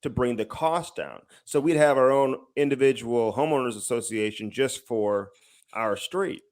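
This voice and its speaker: A man co-hosting a podcast, talking in a deadpan, mock-dramatic way during casual chat. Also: mid-range voice, moderate pace. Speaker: podcast co-host.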